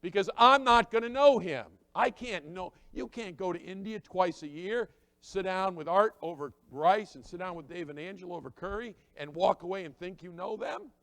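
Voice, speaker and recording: A middle-aged man preaching a sermon, talking conversationally and acting out little dialogues, dropping to quiet asides and rising to loud emphatic points. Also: high voice, normal speed. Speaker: pastor.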